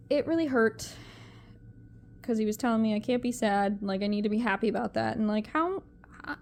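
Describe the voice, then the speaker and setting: Emotional young woman, soft dark tone. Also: on the high side, a little hiss or hum. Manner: emotional, rambling, repeats herself. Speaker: vlogger. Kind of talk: personal vlog talking to camera.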